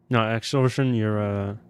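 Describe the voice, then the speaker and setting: A young man streaming a mystery game live, chatting and joking with his viewers as he plays. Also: on the low side. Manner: chatty, joking, answers chat.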